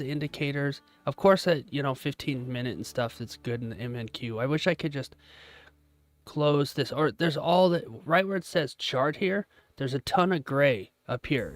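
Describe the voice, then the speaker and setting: A man chatting casually with his live-stream viewers as a futures day trader, reading their comments aloud and joking at his own expense. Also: medium pitch. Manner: chatty, self-deprecating, reads out chat comments.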